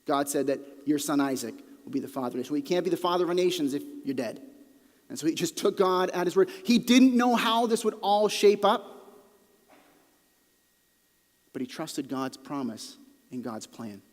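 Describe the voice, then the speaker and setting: A male pastor preaching a sermon with earnest emphasis, sometimes dropping to a quiet, intense delivery. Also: on the high side, expressive, normal speed. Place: church auditorium. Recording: long reverb of a large hall.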